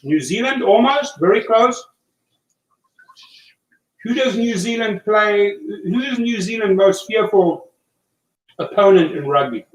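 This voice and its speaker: In an echoey room, far from the mic and with faint noise, a German-native man with a South African accent coaches listeners on a casual livestream. He's emphatic and repetitive, his high-pitched voice expressive and slow, with long pauses.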